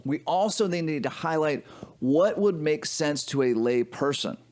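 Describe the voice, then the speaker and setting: A man's voice: fairly high pitch, lively intonation, moderate pace, darkish tone. A man co-hosting a financial advice podcast, explaining his points emphatically and often checking in with "right?". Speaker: podcast co-host, financial advisor. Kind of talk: casual business podcast chat.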